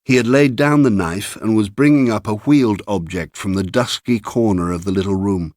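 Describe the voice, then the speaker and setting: A man narrating a literary short story in a measured, unhurried way. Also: lowish voice, a little mellow, dry recording, clean studio sound. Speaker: audiobook narrator.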